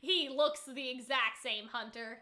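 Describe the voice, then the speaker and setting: A young woman chatting casually while reacting to a cartoon episode, excitable and squealing over cute animals. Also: sits high, unhurried, over a noisy crowd. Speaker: reaction streamer.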